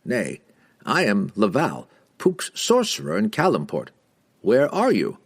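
A man reading an audiobook, voicing a courtly male wizard who speaks formally and slowly. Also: medium pitch, wildly swooping pitch, vocal fry, breathy edge, no room sound, voice pushed up, full character voice. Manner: formal, slow, old-fashioned speech.

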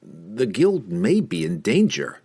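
A man reading an audiobook, voicing a courtly male wizard who speaks formally and slowly. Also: lowish voice, huge pitch swings, warm tone, slightly rough, dry recording, heavily acted. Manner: formal, slow, old-fashioned speech.

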